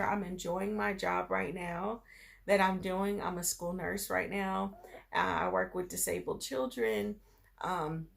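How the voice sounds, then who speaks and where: A woman in her thirties tells a personal story straight to the camera in a casual vlog. Her voice has a steady touch of vocal fry, and her tone stays upbeat and encouraging while her pitch sits mid-range. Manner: excited bursts when retelling good news. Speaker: school nurse.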